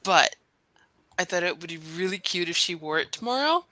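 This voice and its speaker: A woman's voice: fairly low pitch, expressive, fairly quick, pushed and bright, no room sound. A woman chatting casually on voice chat, rambling and giggling as she talks. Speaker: streamer and mother.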